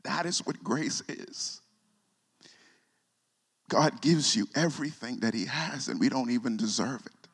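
A man, preaching a sermon and telling a personal story, often repeating himself and dropping soft when moved. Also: medium pitch, a little slow, long pauses, slightly rough. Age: 40s. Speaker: pastor. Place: church sanctuary. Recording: long hall reverb.

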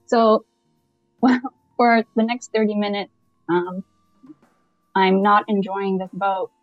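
A woman's voice: mid-range voice, slow pace, no echo. Woman from canada, chatty storyteller, laughs a lot, muffled dry sound, faint music behind. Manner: animated, laughs often, acts out dialogue. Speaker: podcast guest. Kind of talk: casual anecdote telling.

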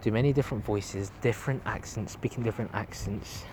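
A young man in his late teens talks straight into his own podcast, earnest and a little rambling as he urges listeners on. His voice sits on the low side. A constant layer of background noise runs under the recording. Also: a little fast, a little mellow. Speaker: podcast host. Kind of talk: solo motivational podcast monologue. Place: at home at night.

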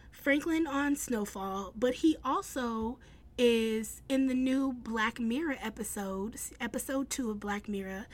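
A young woman blogger talks to her viewers in a loose, chatty way. She is upbeat, often restarts her sentences and leans on fillers. Her voice sits fairly high. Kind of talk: casual storytelling vlog.

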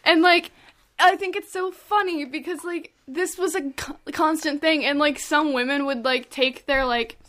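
Bright-voiced young woman telling history. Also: sits high, normal speed. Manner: animated storyteller giving history asides. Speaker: podcast co-host. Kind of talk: casual chat.

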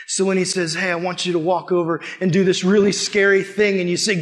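Brief: male youth pastor, high voice, fervent sermon delivery, big swings from loud to hushed. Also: flat delivery, brisk, few pauses. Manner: earnest, swinging from loud emphatic peaks to hushed low lines. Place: room with a youth group.

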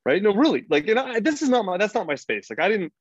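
A man's voice: sits high, very animated, quick pace, slightly rough, no room sound. A middle-aged American man talking bluntly and profanely as a podcast guest, rambling through his points with frequent restarts. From United States. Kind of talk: freewheeling casual conversation. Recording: dry, dull lo-fi sound.

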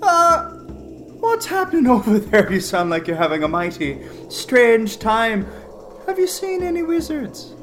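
A man's voice: extremely high pitch, very animated, a little slow, fairly bright tone, a little hiss or hum, voice pushed up, heavily acted. A man voicing a cheerful, motherly woman adventurer in a tabletop game, with a doting, sing-song manner. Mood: curious.

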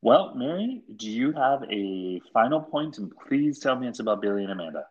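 A man's voice: medium pitch, big pitch swings, moderate pace, darkish tone, husky, dull audio. A man co-hosting a casual podcast chat, talking with lots of hesitant fillers. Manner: chatty, hesitant with many fillers. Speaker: podcast co-host.

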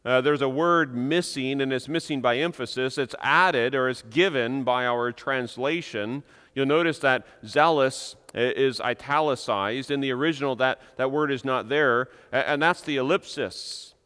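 A man's voice: medium pitch, moderate pace, hardly any pauses, pushed and bright, clear, resonant tone. A man preaching a sermon as pastor, earnest and emphatic, with frequent repetitions. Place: church sanctuary. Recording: long reverb of a church hall.

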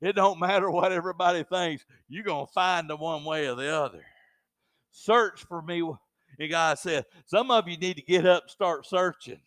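A man preaching with a slightly raised voice, slipping into homely stories. He moves between loud and hushed passages in a dry, close sound. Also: high-pitched, normal speed, no room sound. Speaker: pastor. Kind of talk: sermon.

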